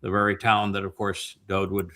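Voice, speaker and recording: Forceful low-voiced man, impassioned host. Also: level tone. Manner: impassioned, retelling scripture with many filler pauses. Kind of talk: family Bible-study talk show.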